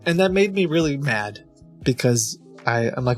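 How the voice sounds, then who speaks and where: A man's voice: mid-range voice, animated, moderate pace, soft background music. A man in his thirties hosting a show, telling a story in a casual, exasperated, rambling way. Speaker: streamer and host of a scam-baiting show. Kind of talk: casual chat.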